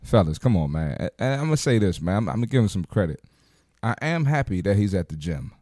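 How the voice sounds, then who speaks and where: A man's voice: fairly low pitch, big pitch swings, quick pace, dark tone, no room sound. Casting: male podcast host, blunt slangy roast commentary, dry close sound. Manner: blunt, joking, slangy trash talk. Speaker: podcast host reacting to clips. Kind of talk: casual reaction commentary.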